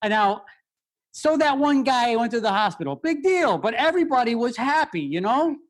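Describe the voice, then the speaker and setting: A woman's voice: on the high side, lively intonation. A woman hosting an improv comedy podcast, running the scene and setting up the games. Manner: running the scene, quick asides. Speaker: host.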